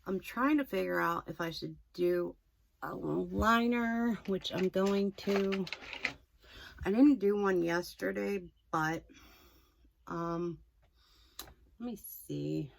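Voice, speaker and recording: A young woman chatting through a makeup tutorial, rambling and self-deprecating, a little hoarse. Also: mid-range voice, takes it slowly, pauses often, slight background noise. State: slightly hoarse, losing her voice. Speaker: makeup vlogger.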